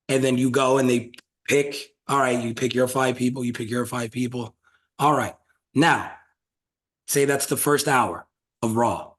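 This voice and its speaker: A man hosts a casual podcast chat with a middling, everyday pitch. He talks loosely and swears freely. He builds his ideas out loud as he goes. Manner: loose, profane, brainstorming out loud. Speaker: podcast host.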